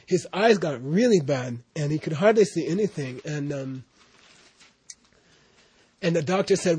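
A man's voice: fairly high pitch, expressive, unhurried, long pauses, a little mellow, slightly rough, dry recording. A man telling a rambling personal story about his old teacher in casual talk, full of asides and restarts. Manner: rambling, full of "you know" and restarts, laughing at times. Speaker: student recounting memories of his teacher.

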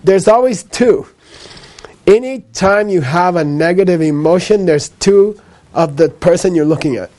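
A man's voice: sits high, moderate pace, warm tone. A man teaching a live class on Buddhist ideas, explaining patiently, repeating key points and checking in with "okay?" after each one. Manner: patient explaining with a light laugh.

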